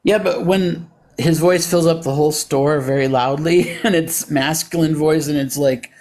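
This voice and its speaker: Earnest man with a fairly high voice. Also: fairly even intonation, moderate pace, darkish tone. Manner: earnest, insistent, quotes scripture. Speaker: Christian debater. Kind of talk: earnest debate call.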